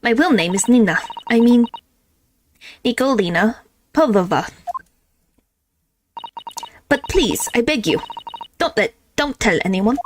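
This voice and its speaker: A woman's voice: fairly high pitch, lively intonation, unhurried, long pauses, background noise. A woman voicing a young woman in disguise who pleads to keep her secret, in her own everyday voice. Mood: pleading.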